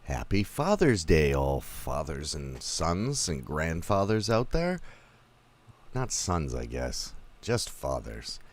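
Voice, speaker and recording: A man's voice: very deep voice, sing-song, slow. A man hosting a casual film review show, talking in a rambling, chatty way with many fillers. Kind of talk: casual spoken movie review.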